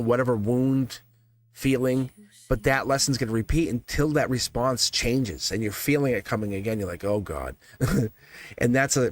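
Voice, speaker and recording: A man hosting a live tarot reading stream, talking casually to viewers in a chatty, upbeat way, often laughing and restarting his sentences. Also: mid-range voice.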